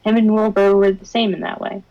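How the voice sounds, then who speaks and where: A woman's voice: medium pitch, flat delivery, brisk, dull audio. Giggly woman reading fan fiction aloud. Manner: dramatic reading that breaks into giggles and wry comments. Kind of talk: expressive narration with laughing asides.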